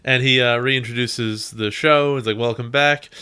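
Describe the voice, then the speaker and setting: A man's voice: medium pitch, clear, resonant tone. A man co-hosting a fan podcast, recapping a stage play in casual chat and acting out the characters' lines. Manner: animated, acts out characters' lines in quick bursts. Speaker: podcast co-host.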